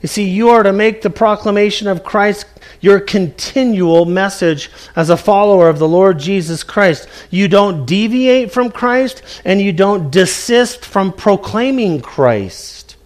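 A man's voice: sits high, unhurried. A man preaching a sermon to a congregation, earnest and emphatic, asking rhetorical questions and repeating his key phrases. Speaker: pastor.

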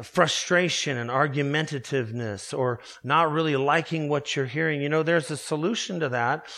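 A man's voice: fairly high pitch, a bit bright. A man pastor preaching a sermon, earnest and emphatic, asking the listeners rhetorical questions.

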